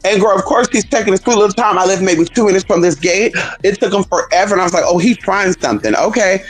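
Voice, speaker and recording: A man with a husky voice, telling stories in a flamboyant, sassy monologue. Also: quick pace, faint music behind, poor audio. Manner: flamboyant, sassy, very expressive, swings into high voices for quoted people. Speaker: spiritual practitioner and vlogger. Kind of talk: casual storytelling monologue.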